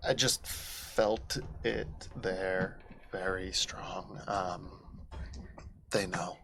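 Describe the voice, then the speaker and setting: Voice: low voice, fairly even intonation, very slow, noisy background. A player at a tabletop game, speaking hesitantly and thinking aloud about what their character does. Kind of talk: casual tabletop play.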